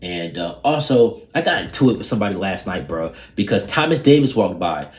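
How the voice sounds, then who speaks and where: A young man with a very low voice talks loosely to his viewers, rambling and cursing. The room gives his voice an echoey ring. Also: a little fast. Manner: loose, rambling and profane, animated when retelling. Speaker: vlogger. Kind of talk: casual vlog chat.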